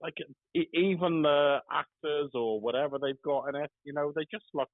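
A man's voice: on the high side, steady tone, normal speed, no echo. A man calling in to a show, chatting casually about theme parks and swearing now and then, heard over a phone line. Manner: chatty, swears casually, says "you know" a lot. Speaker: caller. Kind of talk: casual chat.

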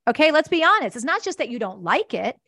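Upbeat, expressive middle-aged businesswoman. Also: high-pitched, quick pace, no room sound. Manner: enthusiastic, acts out quoted voices, laughs easily. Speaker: company founder, interview guest. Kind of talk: animated conversational interview answer.

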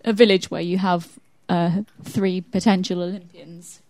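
A woman's voice: on the low side, fairly even intonation, measured pace, darkish tone, rough recording. A woman co-hosting a podcast, chatting casually about a film in short replies. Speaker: podcast co-host.

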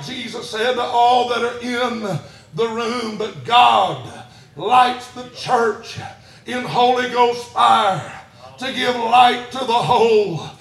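A man preaching a fiery sermon in church, shouting and chanting his lines, out of breath at times. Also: very high voice, vocal fry, reverberant. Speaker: pastor.

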